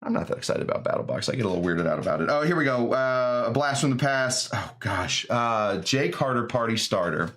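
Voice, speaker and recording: Male live-stream host, mid-pitched, rambling and jokey, lots of fillers. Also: animated, brisk, hardly any pauses, fairly bright tone. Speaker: host of a live cocktail show.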